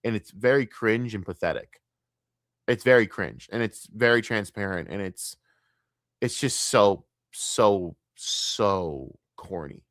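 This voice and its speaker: A man with a lowish voice tears into his subject, blunt and scornful, swearing freely. The sound is dry and close, with no room around it. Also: takes it slowly, a bit bright, no echo. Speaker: streamer reacting to a documentary. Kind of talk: profane reaction rant.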